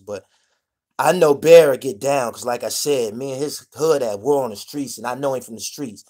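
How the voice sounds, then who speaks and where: A man's voice: medium pitch, darkish tone. A man from the Pittsburgh area telling a casual vlog story in profane street slang, rambling and restarting, checking in with "you dig?". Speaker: vlogger telling prison stories.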